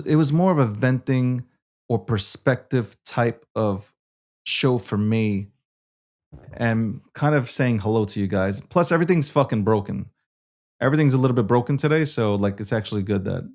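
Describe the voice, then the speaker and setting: A man's voice: medium pitch, moderate pace, darkish tone. A man hosting a casual solo show, rambling, repeating himself and swearing offhand. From New York. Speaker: show host.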